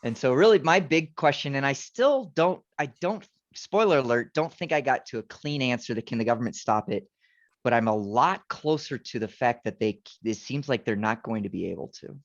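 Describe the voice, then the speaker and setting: A man's voice: mid-range voice, moderate pace. Guy teacher on a video call, keeps restarting sentences, kinda muffled lo-fi audio. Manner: rambling, self-correcting, frequent restarts. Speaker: teacher giving a presentation. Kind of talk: informal talk with slides.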